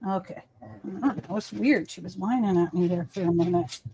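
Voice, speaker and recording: A woman's voice: lowish voice, normal speed, warm tone, a little hiss or hum. A woman co-hosting a casual crafting livestream, chatting over a video call and telling stories, often switching into cooing baby talk for her dog. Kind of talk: casual chat.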